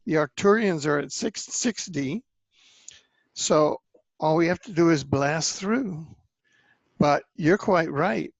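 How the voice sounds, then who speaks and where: A man hosting a spiritual interview, speaking slowly and affirming his guest. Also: a little high, lively intonation, creaky, dry recording. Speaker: interview host. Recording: dry, dull lo-fi recording.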